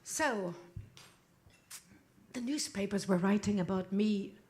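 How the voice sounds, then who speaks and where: A woman's voice: medium pitch, slow, a little mellow. A woman, a cabaret singer telling stories on a small club stage in a playful, theatrical way, teasing the audience into a stage microphone. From Germany. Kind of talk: onstage storytelling between songs.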